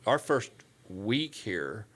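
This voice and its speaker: A middle-aged Southern man with a fairly low voice tells stories in a podcast interview. He is easygoing and folksy, and he acts out the voices of the people in his stories. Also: drawn-out words. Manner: relaxed, folksy anecdotes with quoted dialogue. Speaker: church staff guest. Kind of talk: casual storytelling interview.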